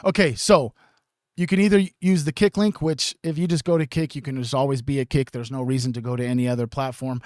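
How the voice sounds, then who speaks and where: A man hosting a casual livestream, rambling with many restarts, swearing and often clearing his throat. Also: mid-range voice, steady tone, fast talker, hardly any pauses, a little mellow, dry recording, clean studio sound. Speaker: livestream host. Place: home streaming setup.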